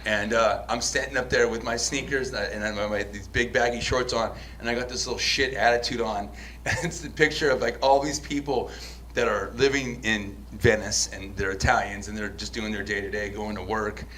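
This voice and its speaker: A man's voice: lowish voice, steady tone, normal speed, fairly bright tone, slight background noise. An American man in his forties on a podcast, telling a casual, profane story full of restarts. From United States. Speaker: podcast host.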